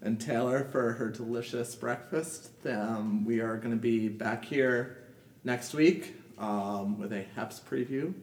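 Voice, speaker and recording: Young male podcast host, chatty and rambling, mid pitch, recorded off-mic in an echoey room. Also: takes it slowly, recorded from a distance. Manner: chatty, many fillers and laughs. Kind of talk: casual chat. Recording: roomy, off-mic with faint noise.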